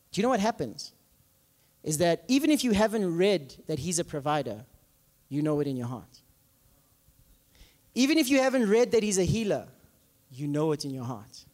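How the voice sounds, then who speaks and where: A male pastor preaches in an animated, conversational way, often checking in with his listeners. His voice sits high and swings widely in pitch. It carries a long reverb, as if in a large hall. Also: normal speed, pauses often. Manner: animated, asks congregation often, many fillers. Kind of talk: conversational sermon with stories.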